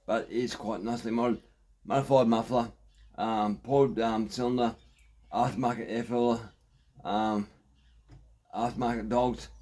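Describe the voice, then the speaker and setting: Aussie bloke in his shed, husky voice, rambly and halting, lots of ums. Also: fairly low pitch, a little mellow. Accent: Australian. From Australia. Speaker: chainsaw vlogger. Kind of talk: casual workshop vlog. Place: home shed.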